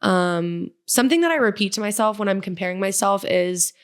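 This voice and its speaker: A woman's voice: mid-range voice, fairly quick, smooth. Upbeat young woman hosting a podcast. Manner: upbeat, gushing, earnest motivational. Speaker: podcast host, independent musician. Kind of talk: casual solo podcast talk. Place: Nashville.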